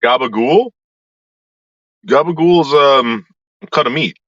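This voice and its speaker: A man's voice: medium pitch, takes it slowly, a bit bright, no echo, dull audio. A man ranting to his viewers in a vlog, swearing often and talking in an agitated way. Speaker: YouTuber.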